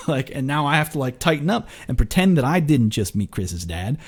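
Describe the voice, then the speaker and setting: Brisk and animated with hardly any pauses, a young podcast host with a darkish, slightly rough voice rambles through a story, restarting, using fillers, swearing and laughing. Quoted exchanges bring laughter and jumps in pitch.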